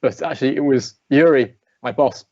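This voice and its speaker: A man's voice: mid-range voice, moderate pace, a little mellow, dry recording, dull audio. A man in his thirties from England, a ballet dancer answering interview questions in a chatty, storytelling way with frequent restarts. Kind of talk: remote interview conversation.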